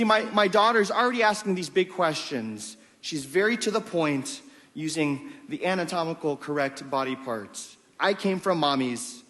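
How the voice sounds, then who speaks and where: High, animated male pastor preaching. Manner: storytelling, animated, repeats words, calls "amen?". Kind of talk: sermon. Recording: long reverb of a large hall.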